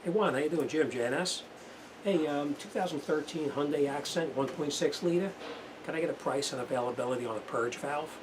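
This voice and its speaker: A man's voice: fairly high pitch, brisk, background noise. A man, an auto mechanic talking casually and bluntly as he walks viewers through a hands-on repair.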